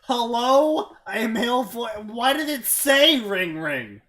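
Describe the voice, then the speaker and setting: A man's voice: very high-pitched, very animated, slow, pushed and bright. A man co-hosting a livestream, reading fanfiction aloud with playful, mock-dramatic delivery over an online call. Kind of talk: joking livestream banter.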